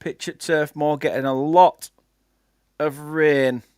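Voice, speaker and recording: Chatty Lancashire fan commentating a match. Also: male voice, fairly high pitch, steady tone, slow pace, a little mellow, clear, resonant tone, dry recording, studio quality. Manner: chatty, reads out viewer comments between play-by-play. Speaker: fan channel host doing live match commentary. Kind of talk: casual live watchalong commentary.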